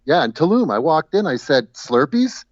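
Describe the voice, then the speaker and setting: A man calling into a talk show, chatting casually in a halting way, repeating words and chuckling at his own jokes. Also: on the high side, very animated, no echo, dull audio. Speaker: guest caller. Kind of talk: casual chat. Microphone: video call.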